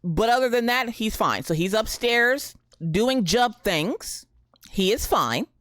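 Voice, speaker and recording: Lively streamer lady in her thirties, voice jumps all over, dry close sound. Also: fairly high pitch, slow, dry recording. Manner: animated, greets chat by name, Southern "y'all". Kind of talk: casual live-stream chat.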